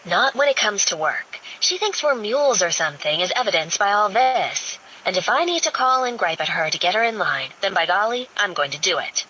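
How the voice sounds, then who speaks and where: A woman's voice: medium pitch, expressive, a little fast, hardly any pauses, a little hiss or hum, voice pushed up, low-quality recording. A woman voicing a brash, sardonic young redheaded woman who gripes sharply. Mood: exasperated. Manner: sharp, exasperated griping.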